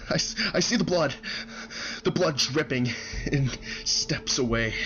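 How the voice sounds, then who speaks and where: A man voices a frightened young male soldier keeping a diary in this creepypasta reading, his mid-range voice pushed and bright despite the muffled recording. The soldier stammers, panics, and keeps breaking into whispers.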